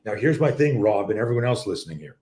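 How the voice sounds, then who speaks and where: The voice is on the low side and fast, with a roomy sound. A middle-aged Canadian self-defense coach tells rambling, casually profane stories in an animated way while hosting a live talk show from his home office.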